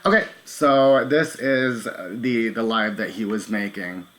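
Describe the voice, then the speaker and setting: A man hosting a live stream, talking straight to his viewers in a halting, nervous way with many filler ums. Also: lowish voice, fairly bright tone. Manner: talks to viewers directly. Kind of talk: live stream recounting events.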